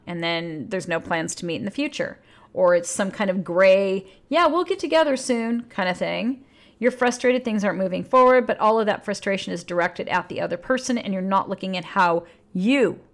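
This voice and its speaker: Woman relationship coach, candid and blunt, swearing freely, lively emphatic delivery. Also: medium pitch. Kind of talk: casual advice monologue.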